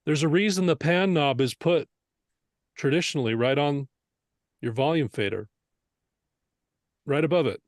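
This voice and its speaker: A man's voice: a little high, normal speed, long pauses, no echo, studio quality. A man teaching audio mixing, explaining earnestly and asking rhetorical questions as he goes. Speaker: mixing instructor.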